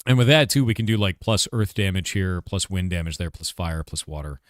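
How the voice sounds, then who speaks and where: This is casual livestream chat from a game developer and streamer in his forties, whose low voice comes across animated and brisk. The sound is clean studio audio without echo. He rambles, laughs frequently, and drops swear words offhandedly.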